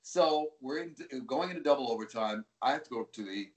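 A man's voice: mid-range voice, a little fast. A man talks through a hockey memory at an easy pace, doubling back on his words as he goes. His voice sits in the middle register and carries a roomy echo. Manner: relaxed, rambling with frequent restarts. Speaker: hockey play-by-play broadcaster, guest. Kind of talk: anecdotal interview storytelling.

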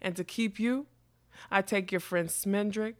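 A woman's voice: mid-range voice, measured pace, darkish tone, natural voice. Mommy Fortuna, a sweet smoky old witch, read by a woman. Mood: raging. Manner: mocking, snarling when crossed. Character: scheming old female carnival witch. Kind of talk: storybook reading.

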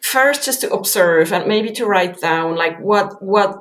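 Animated woman guest, lots of fillers. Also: mid-range voice, a little slow. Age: adult with three kids. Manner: animated, acts out inner voices, many fillers. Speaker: guest author. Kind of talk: conversational interview.

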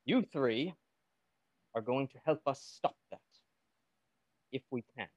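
A man's voice: mid-range voice, lively intonation, slow pace, a little mellow, no room sound. A man playing a formal military captain who briefs his recruits in a stiff, polite way. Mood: briefing. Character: brisk male military captain, formal and commanding.

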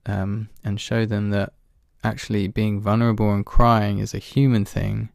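Gravelly low-voiced man talking candidly. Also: flat delivery, moderate pace, darkish tone, no echo, clean studio sound. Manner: candid, self-deprecating, swears often, laughs at himself. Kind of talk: casual reflective monologue.

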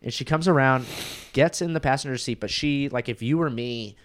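A young man telling a story in casual chat, with a mid-pitched voice. He rambles in a crude way, leaning on "like" constantly. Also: brisk. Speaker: comedian guest.

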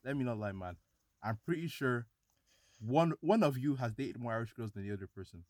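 A man's voice: medium pitch, lively intonation, brisk, darkish tone, dry recording. A young man co-hosting a casual podcast, defending himself with filler and laughing things off. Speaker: podcast co-host. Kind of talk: casual banter among friends.

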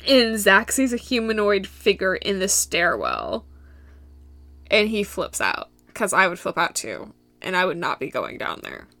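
A woman's voice: medium pitch, sing-song, measured pace, bright, forceful tone, dry recording. A young woman from Michigan hosting a solo podcast, recapping a show in a giggly, rambling way that drifts into tangents. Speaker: podcast host.

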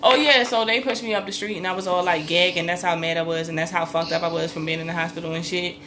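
A woman's voice: fairly low pitch, fast talker, noisy background. A middle-aged woman telling a long story in casual talk, swearing freely and acting out what everyone said. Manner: animated, profane, acts out quotes loudly. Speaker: podcast co-host.

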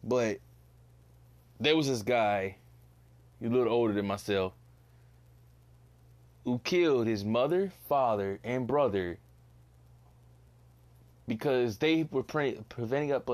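A young man hosting a casual solo podcast, ranting bluntly, swearing and repeating himself in disbelief. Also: medium pitch. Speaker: podcast host.

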